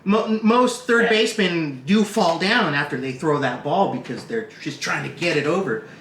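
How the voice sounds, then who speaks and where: Speaking at a moderate pace in a fairly high voice, this podcast co-host spins a casual, animated, profane story and shouts out the quotes of others as he acts them. The room echoes, and there's slight background noise.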